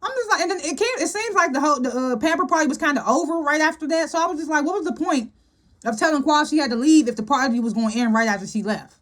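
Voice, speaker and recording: A woman casually recapping a TV episode as a show reviewer, chatty and animated and laughing often. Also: high voice, fast talker.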